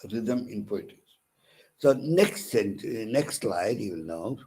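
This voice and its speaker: A man's voice: on the low side, expressive, slow pace, mellow, low-quality recording. A man with an Indian English accent, a counsellor lecturing on poetic meter, repeating phrases and scanning verse aloud with restarts. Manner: restarts mid-word, fillers like uh and okay. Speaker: counsellor for distance learners.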